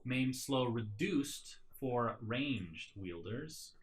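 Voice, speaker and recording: A man's voice: mid-range voice, animated, extremely slow. A man reading out game patch changes and chatting casually about them with friends. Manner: reads item changes then riffs on them. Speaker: host reading patch notes. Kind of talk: casual group discussion.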